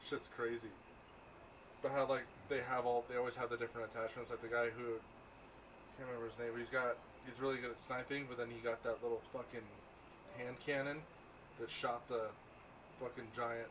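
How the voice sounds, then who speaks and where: A man's voice: mid-range voice, level tone, fairly quick. A man chatting casually with friends on an outdoor patio, rambling and swearing often. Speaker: host. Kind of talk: casual chat. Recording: noisy outdoor ambience.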